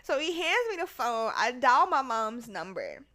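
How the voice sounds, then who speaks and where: A woman podcast host telling a story in casual chat, animated and laughing, acting out the people in it. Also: on the high side, a little slow.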